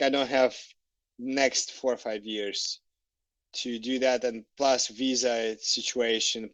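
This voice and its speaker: A man telling a long personal story as a podcast guest, lively and animated, acting out the conversations he recounts. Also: medium pitch, no echo, rough recording.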